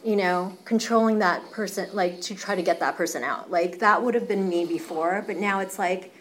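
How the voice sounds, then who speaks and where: A young woman in recovery, candidly sharing her story at a meeting, animated, with many fillers and some swearing. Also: on the low side, moderate pace, slight background noise. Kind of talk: casual personal sharing.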